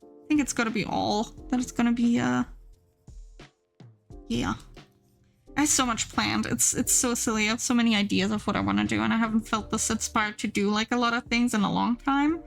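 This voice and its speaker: Woman streamer, casual rambling chat, gravelly fry, faint music behind. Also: on the high side, steady tone, a little fast. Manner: chatty, rambling with many fillers. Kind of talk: casual chat while drawing.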